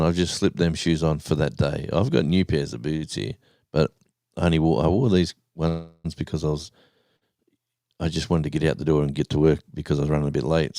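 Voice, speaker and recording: Very deep-voiced man chatting. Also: a little mellow, no room sound, studio quality. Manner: rambling storyteller, reads chat names aloud, says mate. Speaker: live stream host. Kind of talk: casual live-stream chat, storytelling.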